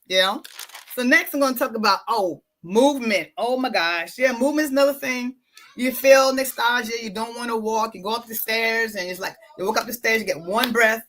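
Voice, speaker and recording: Woman, wellness coach host, casual motivational chat, bright tense tone, repeats for emphasis, talks to listeners. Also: on the high side, normal speed. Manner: repetitive, emphatic, addresses listeners directly.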